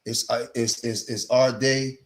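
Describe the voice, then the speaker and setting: A man's voice: mid-range voice, little pitch movement, unhurried. A man hosting a livestream, delivering emphatic, preachy commentary, repeating himself and saying "man" often. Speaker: streamer and commentator.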